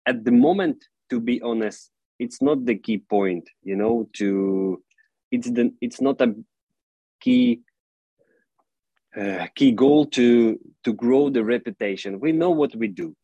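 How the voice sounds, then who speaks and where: A man, an English speaker, answering interview questions in an earnest, halting way with frequent "you know" fillers. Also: mid-range voice, warm tone, slightly rough, no room sound, highs cut off. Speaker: football club director, guest.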